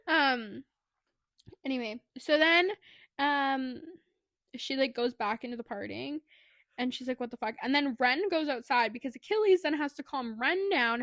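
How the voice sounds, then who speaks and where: A woman co-hosting a podcast, casually retelling a novel's plot in an animated way, full of swearing and quoted voices. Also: high-pitched, dry recording. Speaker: podcast co-host. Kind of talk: casual book review chat.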